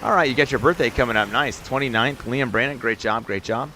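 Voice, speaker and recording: Upbeat male streamer, bright voice, talks to chat and calls the action. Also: mid-range voice, brisk, slight background noise. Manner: chatty, upbeat, talks straight to viewers in chat. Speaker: live-stream host and game commentator. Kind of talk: live-stream chat and play-by-play commentary.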